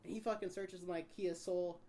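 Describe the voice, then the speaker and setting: A man in his twenties telling a story in casual chat with friends, animated and swearing, acting out the voices of the people in it. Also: sits high, normal speed. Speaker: podcast guest.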